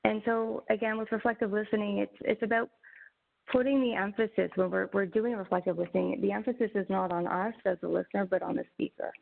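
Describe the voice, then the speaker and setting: A woman's voice: medium pitch, fairly even intonation, quick pace, vocal fry. A woman presenting a teaching webinar as a social worker, talking conversationally with frequent restarts over a video call. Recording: tinny phone-like webinar audio.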